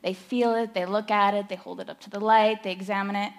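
A middle-aged woman giving a personal testimony at church, nervous and emotional, halting with fillers. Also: mid-range voice, steady tone. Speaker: church speaker sharing testimony.

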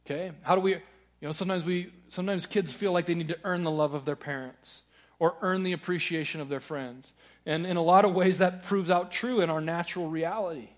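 A man preaching a sermon, earnest, moving between loud urging and hushed, searching questions. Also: high voice, fairly even intonation, fairly quick. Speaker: pastor.

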